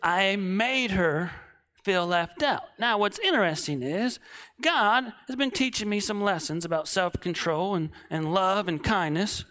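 A man in his late thirties preaching, telling a comic story that swings from shouting to hushed. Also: sits high, expressive, a little slow. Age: 30s.

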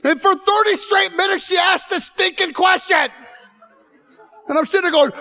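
A man preaching in a chapel, joking and then growing emotional and loud. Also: extremely high pitch, a little fast. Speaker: chapel speaker. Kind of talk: humorous sermon.

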